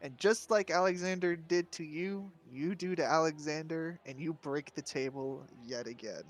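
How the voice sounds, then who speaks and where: A man running a tabletop game as game master, relaxed and often laughing. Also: a little high, normal speed.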